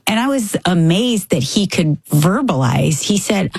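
A middle-aged woman telling a family story about her sons in a casual chat, animated as she tells it. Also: fairly low pitch, unhurried, breathy edge, no room sound. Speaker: podcast co-host.

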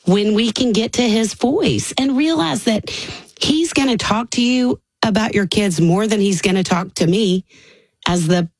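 A woman's voice: medium pitch, measured pace, dry recording. Earnest woman. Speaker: guest author. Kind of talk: casual faith conversation.

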